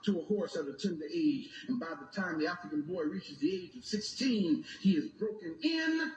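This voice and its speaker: A man with a very high voice preaches slowly to a congregation, his pitch swinging widely. He reads passages aloud and keeps turning to the crowd with questions, sometimes building to a shout. The room is echoey, with clear noise behind him. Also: lively intonation. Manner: reads a text aloud and breaks off to ask the audience questions; swells into shouted emphasis. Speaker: lecturer speaking to a congregation. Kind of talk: impassioned preaching lecture.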